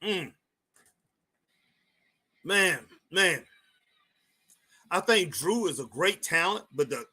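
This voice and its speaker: Man, high bright voice, rambling live stream talk to chat. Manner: chatty, repeats phrases, talks to chat viewers. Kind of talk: casual live wrestling chat.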